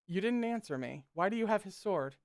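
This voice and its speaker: A calm older male cultivator who asks his questions in a steady, measured way, as a reader voices him. The voice is smooth and close, dry like a small home setup. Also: mid-range voice, dry recording, pitched above the performer's own voice, natural voice.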